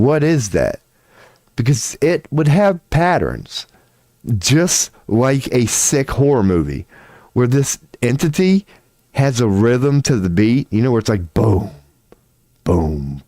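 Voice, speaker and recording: A man's voice: medium pitch, no room sound. Guy streaming from his room, rambly and cussing a lot, dry close mic, mid voice. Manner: animated, profane, laughs often. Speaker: livestream host. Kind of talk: rambling casual storytelling.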